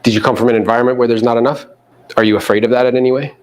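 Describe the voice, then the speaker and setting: A man's voice: medium pitch, level tone, rapid-fire. A man giving a live motivational seminar to a room of agents, quizzing the audience and mimicking people in playful voices. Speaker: real estate coach speaking to agents.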